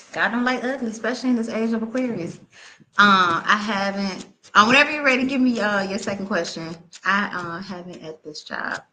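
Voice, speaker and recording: Woman, tarot reader, animated, slangy, bright tone. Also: a little high, a little hiss or hum. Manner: animated, laughing, slangy and candid. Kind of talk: live tarot reading and storytelling.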